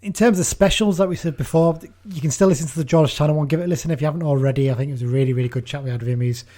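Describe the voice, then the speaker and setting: A man hosting a football fan podcast rattles along at a brisk clip. His voice is mellow and warm, and his delivery stays casual and chatty. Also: a little high. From England. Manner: chatty, quick, ends lines with "there you go". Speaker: podcast host.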